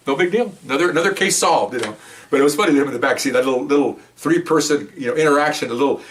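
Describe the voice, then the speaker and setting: Recorded from a distance, a retired police officer in his later years acts out the scene with gestures as he animatedly recounts a personal story. He speaks in a mid-range voice.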